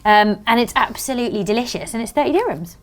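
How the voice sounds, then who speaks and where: A woman from Britain, a magazine editor, telling lively stories in a casual interview and acting out quoted lines. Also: on the high side, quick pace. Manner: bubbly storyteller, acts out quotes.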